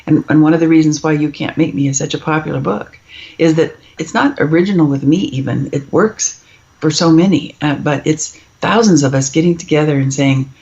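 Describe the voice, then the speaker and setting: Appearing as a podcast guest, this middle-aged parenting author talks emphatically and fairly quickly in a low, darkish voice. She tells stories and performs the lines of the children and parents she quotes, though the recording is muffled.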